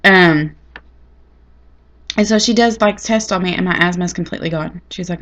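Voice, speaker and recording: A woman's voice: fairly low pitch, a little fast, pauses often, a bit bright. Chatty woman telling a story. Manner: chatty and dramatic, with folksy phrasing. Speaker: vlogger. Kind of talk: casual storytelling to camera.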